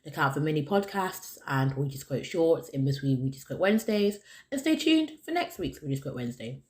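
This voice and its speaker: Solo podcast host, sincere pep-talk delivery, circles back to the same phrases, mid-range pitch. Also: sing-song, a little fast. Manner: earnest and encouraging, repeats key phrases.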